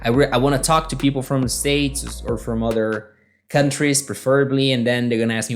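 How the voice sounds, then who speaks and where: A man's voice: mid-range voice, steady tone, brisk, soft background music. Man teaching English casually. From Brazil. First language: Portuguese. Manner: conversational, checks in with frequent tag questions. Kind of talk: solo podcast lesson.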